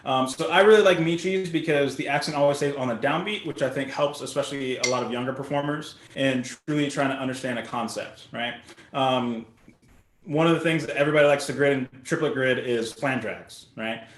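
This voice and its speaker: A man teaching drumming in a casual, relaxed way, often asking "right?" as he explains patterns. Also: mid-range voice, a little fast, echoey room, a little hiss or hum. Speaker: drum instructor. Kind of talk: casual instructional talk.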